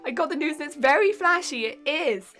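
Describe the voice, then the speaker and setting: A young woman with a British accent streams from home and chats with her viewers. Her voice sits a little high, and she talks in a giggly, rambling way. Faint music plays softly under her. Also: animated, brisk. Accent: British English. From England. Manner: giggly and chatty, reacting to chat. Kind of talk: casual live-stream chat.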